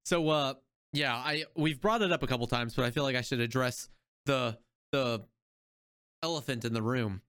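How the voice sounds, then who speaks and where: A man's voice: mid-range voice, normal speed, fairly bright tone, clean tone, no echo, studio quality. A man in his twenties, host of the chat, talking in a friendly, joking way on a video call. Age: 20s. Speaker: podcast host. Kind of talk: casual chat.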